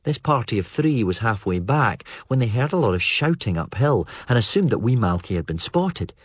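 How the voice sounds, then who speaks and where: A man narrating an audiobook in a measured, understated way. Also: mid-range voice, sing-song, slightly rough, dry recording. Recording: muffled dry studio read.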